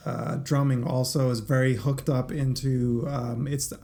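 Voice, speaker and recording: A man on a podcast panel who starts a story hesitantly, with many pauses and fillers. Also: medium pitch, level tone, gravelly, warm tone. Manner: hesitant, many uhs and ums. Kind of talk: casual storytelling.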